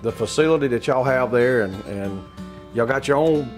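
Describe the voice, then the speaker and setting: A man's voice: mid-range voice, normal speed, soft background music. A man with a Southern US accent hosting a cooking show, chatting casually with many fillers and restarts. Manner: rambling, hesitant, many fillers.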